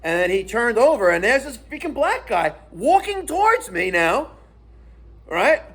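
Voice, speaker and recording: A man telling a profane, animated story in a casual vlog rant. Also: extremely high pitch, unhurried, breathy edge. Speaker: internet personality.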